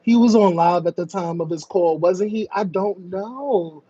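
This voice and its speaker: A woman hosting a live stream, chatting casually about online drama, reading viewer comments and slipping into high mocking voices to act scenes out. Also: unhurried, mellow, breathy edge, no echo. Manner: chatty, slangy, reads viewer comments aloud. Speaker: livestream host. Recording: dull lo-fi stream audio.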